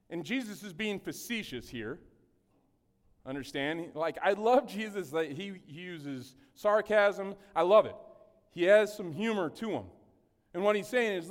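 A male pastor preaching a sermon in an animated, conversational way, with humorous asides. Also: sits high, normal speed. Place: church sanctuary. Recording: long hall reverb.

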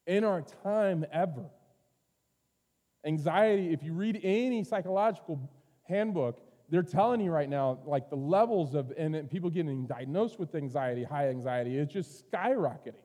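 A man preaching a sermon as pastor, earnest, moving from loud urging to quiet, intimate passages. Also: on the high side, expressive, moderate pace. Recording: long reverb of a hall.

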